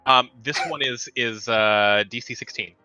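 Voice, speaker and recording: A man narrating a tabletop game as game master, vividly and with halting restarts. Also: mid-range voice, pushed and bright, clean tone, no echo, dull audio, soft background music.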